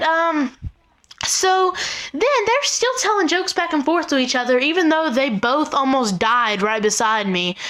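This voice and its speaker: High-voiced teenage girl telling a story. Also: sharp tone. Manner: rambling, exasperated retelling full of "like" and "um". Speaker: vlogger. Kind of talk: casual storytelling.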